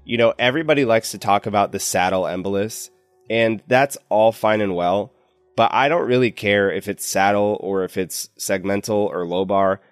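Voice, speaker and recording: A man's voice: on the low side, moderate pace, smooth, no room sound, soft background music. A man speaking as a clinician co-host on a medical teaching podcast, explaining in an opinionated way.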